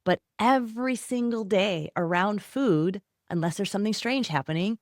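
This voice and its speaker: A middle-aged woman, a guest author in a podcast interview, talking in an animated way and acting out quoted voices. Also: mid-range voice, moderate pace, dry recording, studio quality.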